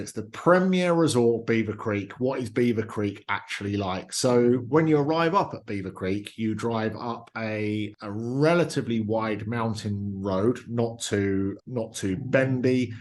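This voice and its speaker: A man hosting a podcast, telling a travel story with enthusiasm in casual chat. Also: on the low side. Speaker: podcast host.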